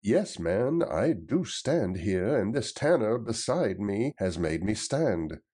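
A man's voice: on the low side, sing-song, slow, mellow, slightly rough, heavily acted. A man voicing a proud outlaw leader who speaks in a formal, emphatic, old-fashioned way. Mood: urging.

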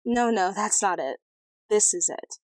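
A cheerful young prince in a fairy-tale reading, hearty and affectionate. He speaks with eager warmth. A woman reads him in her own near-natural voice, recorded dry and close. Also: medium pitch, animated, measured pace, no echo, natural voice. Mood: tender.

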